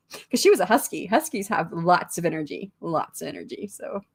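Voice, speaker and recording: A woman's voice: lowish voice, lively intonation, normal speed, vocal fry, husky. Chatty woman hosting a writing livestream. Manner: rambling, with frequent restarts and small laughs. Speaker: livestream host of writing sprints. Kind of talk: casual livestream chat, reading comments aloud.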